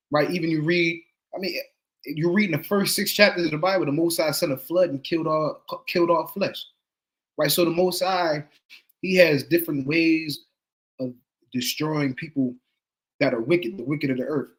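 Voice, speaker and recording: Measured man explaining scripture. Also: on the high side, poor audio. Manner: measured, teaching tone, checks in with "right?". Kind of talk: religious talk show discussion.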